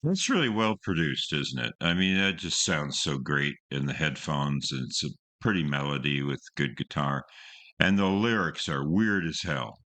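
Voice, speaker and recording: A man's voice: rumbling low, lively intonation, moderate pace, sharp tone. A man hosting a song-reaction show, talking casually with many fillers and restarts. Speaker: host reviewing songs. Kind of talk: casual commentary.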